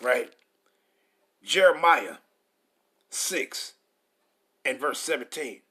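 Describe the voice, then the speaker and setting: Brief: male preacher, high-pitched voice, reads scripture, then curses and berates listeners. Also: animated, takes it slowly, pauses often, pushed and bright, slightly rough. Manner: reads verses then rants with heavy profanity; stumbles over words. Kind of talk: confrontational scripture sermon.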